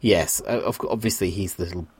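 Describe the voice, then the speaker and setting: A man's voice: deep voice, fast talker, slightly rough. A man with a cold, co-hosting a podcast with self-mocking, playful banter. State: has a cold. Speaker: podcast co-host. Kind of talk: casual chat.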